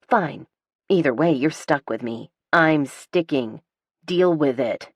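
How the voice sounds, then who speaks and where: A bright, insistent young woman who will not take no for an answer, as a female audiobook narrator puts her on. The voice sits a little higher and livelier than the reader's own dark tone, and it comes across close and dry. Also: animated, slow pace, husky, dry recording, heavily acted. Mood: defiant. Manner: bright and insistent, talking over objections. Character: bubbly, pushy young woman, stubbornly determined.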